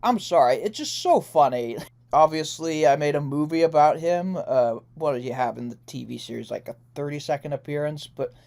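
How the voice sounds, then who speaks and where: A man's voice: a little high, animated, moderate pace, gravelly, a little mellow. A young man hosting a casual commentary video, chatting loosely with frequent laughs, fillers and self-corrections as he ranks characters. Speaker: YouTube host ranking characters.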